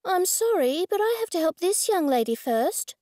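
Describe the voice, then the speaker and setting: A woman's voice: very high voice, big pitch swings, normal speed, mellow, no room sound, studio quality, pitched above the performer's own voice. A woman voicing a polite, helpful female receptionist at a vet clinic in an audiobook.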